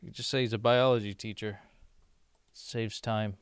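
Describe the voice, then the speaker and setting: Smooth, low-voiced American man rambling casually. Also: fairly even intonation, moderate pace, no room sound. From United States. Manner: rambling, many "like" fillers, amused. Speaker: vlogger learning a language. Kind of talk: casual commentary while doing app lessons.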